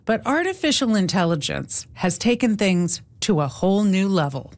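A female reporter reading a scripted news feature in a measured storytelling delivery. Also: medium pitch, big pitch swings.

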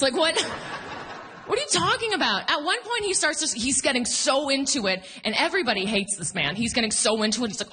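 A woman in her thirties performing a stand-up comedy set, animated and laughing at her own jokes as she acts out other people. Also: high-pitched, fairly quick, breathy edge. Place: comedy stage before a live audience.

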